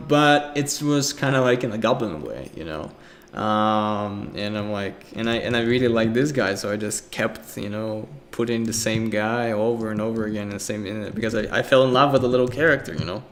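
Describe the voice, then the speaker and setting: A man's voice: lowish voice, moderate pace. A young man giving a casual art lecture, talking loosely with many fillers and breaking into acted voices and sound effects.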